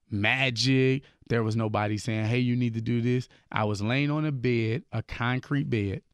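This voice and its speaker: A man's voice: fairly low pitch, clear, resonant tone, no room sound, clean studio sound. A man, a gospel hip-hop artist, earnestly telling his life story as a guest on a radio show. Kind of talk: radio interview, personal testimony. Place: radio studio.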